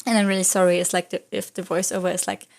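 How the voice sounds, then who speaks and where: A woman's voice: fairly low pitch, little pitch movement, fast, vocal fry. A young woman, a non-native English speaker, chatting casually in a rambling voice-over, full of "like" fillers as she tells stories. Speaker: vlogger.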